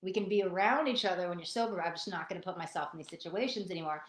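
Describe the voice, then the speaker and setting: A woman's voice: on the low side, racing. A woman sharing personal healing lessons in an earnest, emotional way, often repeating herself. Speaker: spiritual vlogger. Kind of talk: personal reflective talk. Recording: roomy echo.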